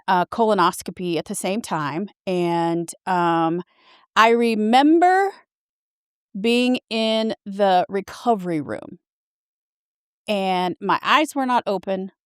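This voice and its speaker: A woman in her fifties telling a personal story as a podcast guest, earnest and halting, often restarting her sentences. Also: mid-range voice, smooth, no room sound, clean studio sound. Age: 50s.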